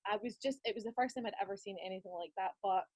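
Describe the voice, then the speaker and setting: A woman's voice: mid-range voice, fast, a little mellow. A woman hosting a podcast, chatting enthusiastically and sharing her own anecdotes in a casual conversation. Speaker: podcast host.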